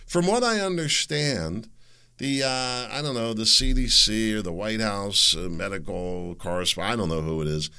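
A male talk show host delivers a loose, rambling monologue, breaking off mid-thought to address his listeners. His voice is gravelly and bright with a forceful edge. His pitch jumps around a lot as he talks. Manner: rambling, self-interrupting, talks to listeners directly. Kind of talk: casual opinion monologue.

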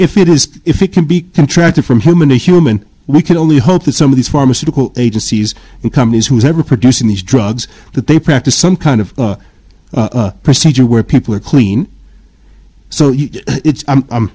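A man with a mellow, rounded tone rants his way through an article as a podcast host. He gets worked up, trips over repeated words and keeps stopping to apologize before pressing on. His voice sits at an ordinary middle pitch. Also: brisk, husky. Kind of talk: heated commentary reading an article.

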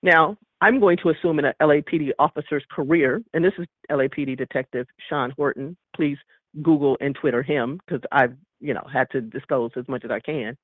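A man's voice: on the high side, fairly quick, no echo. Indignant man on a phone line. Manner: indignant, emphatic, acts out quoted dialogue. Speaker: caller. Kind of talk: telling a personal story on call-in radio. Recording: tinny phone line, dry.

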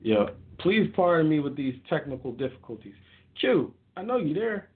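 A man's voice: on the high side, sing-song, moderate pace, slightly rough. A man hosting a casual call-in show from home, talking loosely and directly to his listeners over a phone. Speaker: host. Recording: tinny phone-line sound.

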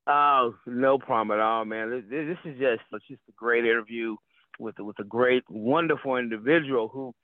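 A man's voice: medium pitch, normal speed, no room sound. A man co-hosting a casual interview, speaking with enthusiasm and repeating his praise. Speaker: co-host. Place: small town in the American South. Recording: tinny phone-line call.

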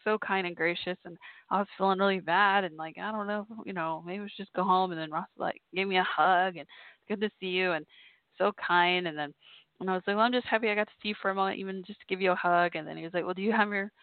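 Speaking fast in a steady, fairly low voice, a female podcast host chats through a personal story for her listeners and laughs frequently. The casual monologue has a tinny, phone-like quality and a dry recording.

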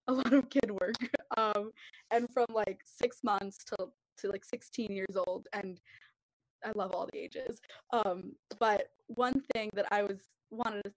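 A woman's voice: mid-range voice, no echo, poor audio. A young woman in a podcast group discussion, talking earnestly and rambling with lots of fillers. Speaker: podcast participant.

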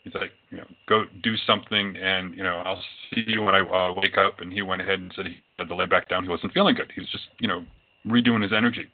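Through tinny, phone-like audio, a psychic medium recounts his experiences loosely and with many fillers, in a casual storytelling style. His low voice keeps a steady tone at a quick pace.

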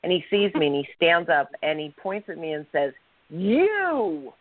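A woman's voice: low-pitched, brisk, no room sound. Woman telling a story over a tinny line. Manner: animated storyteller, acts out quotes. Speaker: podcast co-host. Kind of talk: casual storytelling. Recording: tinny phone-line sound, dry.

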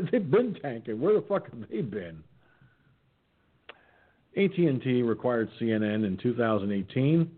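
Husky man on a tinny phone line. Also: medium pitch. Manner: sarcastic, swears, keeps yawning and stumbling. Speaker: internet radio show host. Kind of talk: casual reading and commenting on news.

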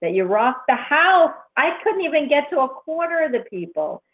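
A woman's voice: high voice, sing-song, moderate pace. A woman hosting a call-in show, effusive and exclamatory, laughing often as she chats. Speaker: radio show host. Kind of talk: casual call-in chat. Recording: tinny phone-line sound.

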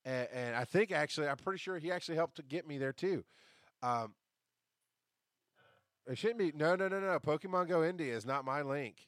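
Animated man telling a story, dry sound. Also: fairly high pitch, a little fast, long pauses, dry recording. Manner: animated, swings between loud outbursts and quiet asides; swears casually while ranting. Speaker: podcast host. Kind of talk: casual storytelling monologue.

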